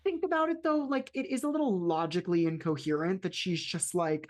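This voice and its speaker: A woman's voice: lowish voice, fairly quick, few pauses. A woman co-hosting a podcast in casual chat, rambling and chatty with many fillers. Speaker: podcast co-host.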